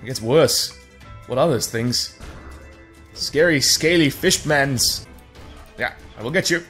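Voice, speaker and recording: A man's voice: medium pitch, normal speed, soft background music. A man hosting a let's play, giving sarcastic, swearing running commentary on a game as he plays it. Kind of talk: gameplay commentary.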